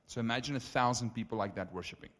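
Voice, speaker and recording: A man preaching as the preacher, telling stories in an animated, conversational way with many asides. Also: mid-range voice, quick pace. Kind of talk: sermon storytelling. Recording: reverberant hall.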